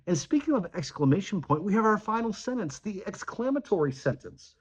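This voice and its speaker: A man's voice: sits high, big pitch swings, a little fast, slightly rough. A man teaching a grammar lesson who acts out example sentences with animation.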